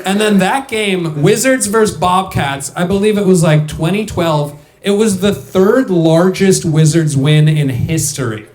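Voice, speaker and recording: A man's voice: sits high, unhurried, hardly any pauses, a little mellow, reverberant. A young man doing a stand-up set, chatting loosely with the crowd and laughing through his punchlines. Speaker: stand-up comedian. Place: comedy club stage.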